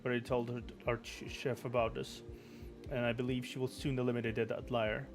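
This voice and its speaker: A man reading the lines of a smug, scheming male manager who loudly taunts the others. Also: mid-range voice, level tone, normal speed, close to an everyday voice. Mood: gloating. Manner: loud gloating taunts. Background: background game music.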